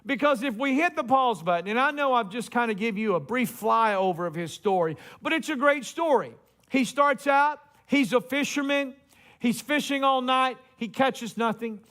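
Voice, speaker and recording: High-voiced male pastor preaching. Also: lively intonation, moderate pace, fairly bright tone. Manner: storytelling preacher, acts out quotes with rising emphasis. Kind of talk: sermon.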